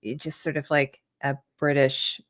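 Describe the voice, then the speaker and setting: A woman's voice: extremely low pitch, level tone, normal speed, a bit bright. A woman interviewing a guest in a casual, enthusiastic way. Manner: enthusiastic, chatty.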